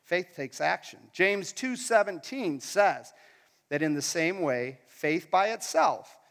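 A man's voice: high voice, animated, takes it slowly, vocal fry, fairly bright tone. A man preaching a casual, conversational sermon in a church hall, asking the crowd questions as he goes. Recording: long hall reverb.

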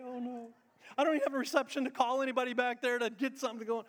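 A middle-aged man preaching a sermon as pastor, swinging between loud emphatic lines and hushed, confiding asides. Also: very high-pitched, level tone, very fast. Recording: long reverb of a large hall.

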